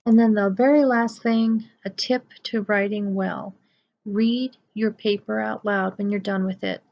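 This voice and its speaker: A woman's voice: mid-range voice, steady tone, unhurried, gravelly, highs cut off. A woman giving a chatty, emphatic lecture as a college writing instructor, with playful asides. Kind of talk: recorded lecture.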